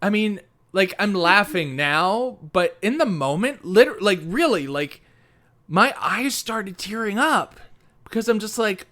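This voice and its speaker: A man's voice: sits high, expressive, unhurried, pushed and bright. A man co-hosting a book podcast, talking animatedly with lots of fillers and laughter. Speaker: podcast co-host. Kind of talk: casual book discussion.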